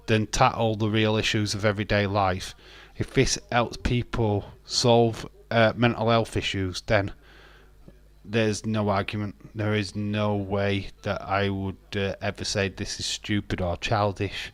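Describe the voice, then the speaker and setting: Low-voiced man chatting on stream. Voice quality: rambling, blunt, repeats words, laughs often. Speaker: wrestling watch-along streamer. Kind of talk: casual live-stream chat.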